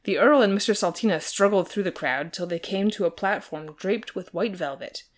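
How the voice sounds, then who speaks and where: A woman podcast host giving an expressive dramatic reading of a novel. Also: mid-range voice, moderate pace. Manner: expressive, lively storytelling.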